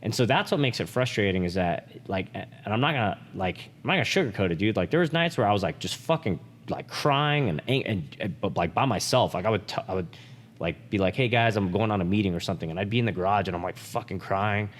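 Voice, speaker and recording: A man with a fairly low voice talks openly and with feeling on a podcast, his speech full of "like" and the odd curse. The room rings with a long reverb behind him. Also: lively intonation, quick pace. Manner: emotional, swearing, many "like" fillers. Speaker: podcast co-host. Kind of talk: candid podcast chat.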